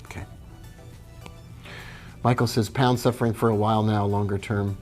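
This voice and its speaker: A man's voice: on the low side, level tone, moderate pace, a little mellow, faint music behind. A man hosting a live trading stream, chatting casually, reading viewer questions and greeting them by name as he walks through charts.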